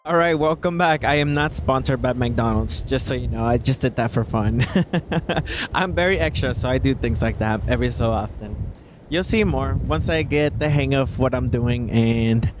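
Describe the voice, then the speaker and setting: A man, a singer-songwriter and podcast host, tells casual stories in an expressive way, laughing often and calling the listener baby. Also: medium pitch, moderate pace, background noise. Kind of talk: casual storytelling monologue. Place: Los Angeles, indoors.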